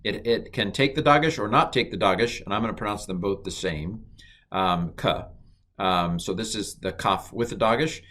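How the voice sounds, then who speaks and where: A man teaching a recorded language lesson, chatty, reciting letters slowly and cracking mild jokes. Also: on the low side, pushed and bright, a little hiss or hum.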